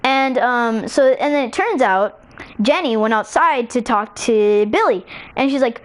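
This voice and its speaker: A woman spins a made-up tale in a casual, rambling way, piling up "so then" and restarting her sentences. Her voice sits fairly high, and she pops into quick little voices for each character. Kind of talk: casual storytelling while gaming.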